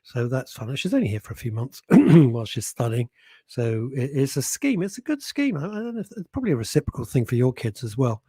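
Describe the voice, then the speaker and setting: A man's voice: mid-range voice, very animated, quick pace, warm tone, slightly rough, no room sound. A man hosting a casual radio show, chatting, teasing listeners and laughing often. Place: radio studio.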